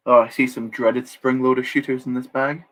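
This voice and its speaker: A man's voice: medium pitch, flat delivery, normal speed, fairly bright tone. A young man in easy live-stream chat, with an everyday mid-range voice. He responds to viewers and makes light jokes about himself as he works. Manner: chatty, reads chat aloud, self-deprecating jokes. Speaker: streamer building Lego live.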